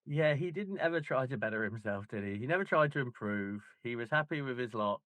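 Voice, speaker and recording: A man's voice: medium pitch, animated, a little fast, fairly bright tone, no echo. A man co-hosting a book club podcast, chatting casually with wry, joking banter.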